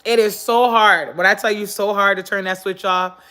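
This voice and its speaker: A woman talks into her phone on a live stream, giving earnest motivational advice in a bright, sharp voice. Her pitch sits in an ordinary middle range. She leans on repetition to drive her points home, like a casual sermon. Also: steady tone, moderate pace. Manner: earnest, preachy, repeats points for emphasis. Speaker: livestream host. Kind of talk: casual motivational livestream talk. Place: indoors, sitting on the floor.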